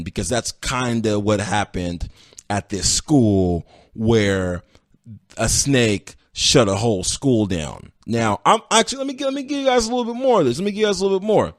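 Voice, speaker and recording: A man hosting a podcast, retelling stories casually and acting out the people in them with sudden high-pitched outbursts. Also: no room sound, studio quality. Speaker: podcast host. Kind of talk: casual storytelling recap.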